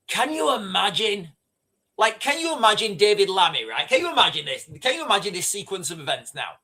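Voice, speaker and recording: A man's voice: high-pitched, sing-song, moderate pace, pauses often, sharp tone. A man hosting a casual livestream, rambling and repeating himself as he reads out viewer comments. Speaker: livestream host.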